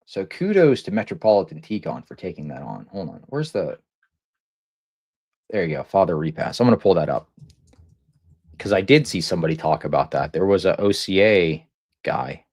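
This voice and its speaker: A man's voice: deep voice, very animated, moderate pace, long pauses, darkish tone, no echo, studio quality. A man streaming live, commenting in a rambling, mocking way with lots of restarts and chuckles.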